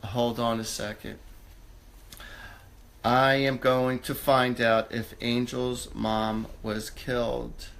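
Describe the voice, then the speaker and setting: A man hosting a live psychic reading, who talks in a halting, searching way with many fillers and restarts, then turns upbeat and reassuring. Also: mid-range voice, little pitch movement, a bit bright, slight background noise. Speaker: psychic medium host.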